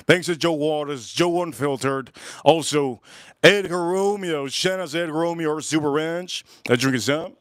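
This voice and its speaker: Rambling, laughing man with a smooth voice. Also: on the high side, normal speed. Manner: rambling, repeats himself, swears casually; animated, laughing while telling a story. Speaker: livestream host. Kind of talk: casual storytelling on a cooking livestream.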